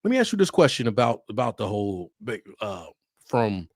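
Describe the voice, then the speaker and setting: A man co-hosting a casual chat, eager and quick to chime in. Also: fairly low pitch, sing-song, a little mellow, dry recording, studio quality. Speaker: podcast co-host.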